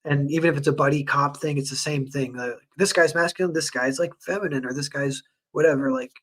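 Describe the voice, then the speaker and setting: A man's voice: on the high side, fairly quick. Rambling casual man streamer. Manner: rambling, filler-heavy, animated retellings. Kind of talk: casual livestream chat.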